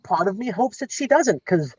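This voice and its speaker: A man guest telling a long story in casual chat, rambling and animated, acting out the lines of others. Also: high voice, normal speed, husky, no room sound. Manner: rambling, animated retelling with quoted dialogue. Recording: slightly dull lo-fi sound.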